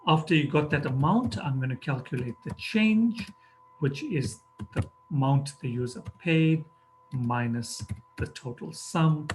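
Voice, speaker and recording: A man's voice: a little high, lively intonation, a little slow, a little mellow, slight background noise. A man teaching a programming lesson, talking methodically through each step as he types. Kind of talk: screen-recorded coding tutorial. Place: at a computer, narrating over a screen recording.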